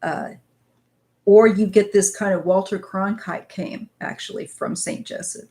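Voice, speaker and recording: A middle-aged woman from northwest Missouri with a Midwestern accent and a slight twang, hosting a relaxed, chatty talk that drifts into asides. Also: mid-range voice, unhurried. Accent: Midwestern American, slight northwest Missouri twang. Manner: relaxed, chatty, laughs easily, trails off in asides. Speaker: tarot channel host. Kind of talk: casual chat.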